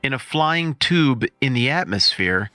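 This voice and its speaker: A man co-hosting a podcast in casual chat, telling stories with animated comic exaggeration. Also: medium pitch, measured pace, no room sound. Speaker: podcast co-host.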